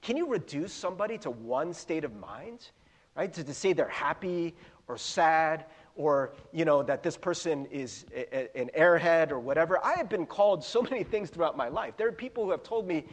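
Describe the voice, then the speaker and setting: A man's voice: a little high, expressive, normal speed. A middle-aged man preaching as a pastor in a church, in a chatty, self-deprecating way full of fillers and asides. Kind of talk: casual sermon. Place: church sanctuary. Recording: long hall reverb.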